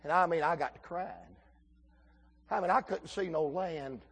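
A man, preaching a folksy storytelling sermon that swings between shouts and hushed asides. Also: on the high side, normal speed, husky.

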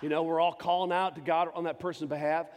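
A man in his forties, a pastor, giving an impassioned personal testimony from the pulpit, swinging between loud and hushed. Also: a little high, level tone, fast. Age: 40s. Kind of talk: sermon. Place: church sanctuary. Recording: long church reverb with faint music.

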